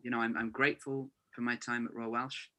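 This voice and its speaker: A young man in his twenties talks casually as a podcast guest, his voice strikingly bright and forward. He speaks earnestly and fills gaps with "you know". It sounds like a relaxed remote interview. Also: medium pitch, brisk. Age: 20s. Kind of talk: casual chat. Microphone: remote call.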